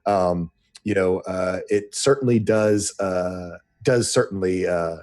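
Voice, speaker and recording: A man who runs a tabletop game, talking casually about his approach to the game in a thoughtful, halting way. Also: sits low, a little mellow. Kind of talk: casual tips discussion.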